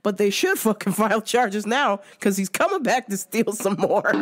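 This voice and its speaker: A woman's voice: medium pitch, very animated, moderate pace, hardly any pauses. A woman hosting a podcast, ranting in a sarcastic, profane way and laughing often. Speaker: podcast host. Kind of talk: casual ranting commentary.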